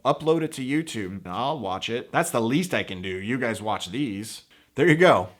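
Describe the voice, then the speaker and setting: A man's voice: medium pitch, animated, moderate pace. Upbeat man giving filmmaking advice. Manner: upbeat, encouraging, direct address. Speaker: filmmaking video host. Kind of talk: casual advice to camera.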